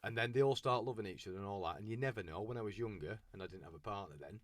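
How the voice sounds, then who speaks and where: A man, a country singer being interviewed, chatting quickly and laughing easily. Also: fairly low pitch. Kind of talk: casual interview chat.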